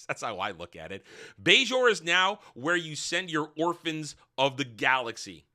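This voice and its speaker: A sarcastic man rambles through a casual show recap with profane asides. His voice is sharp and forceful, and his pitch swings in a lively way. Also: a little slow. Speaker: TV review host. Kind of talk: casual spoken review recap.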